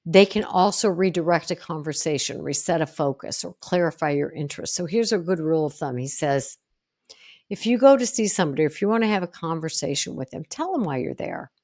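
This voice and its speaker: Deep-voiced lady psychologist doing a solo podcast, blunt and emphatic, acts out example lines. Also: a little mellow. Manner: emphatic, acts out sample phrases; blunt, down-to-earth.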